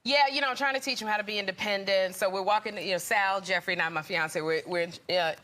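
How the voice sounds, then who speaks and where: A woman co-hosting a daytime talk show, telling a story with animated drama. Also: medium pitch, fast talker. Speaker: co-host. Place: television studio.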